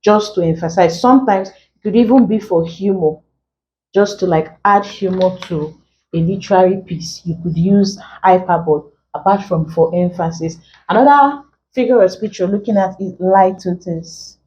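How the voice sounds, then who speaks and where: A woman teacher giving an exam-prep lesson, explaining slowly, repeating key phrases and filling gaps with "like.". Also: on the low side, a little mellow, highs cut off. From Nigeria.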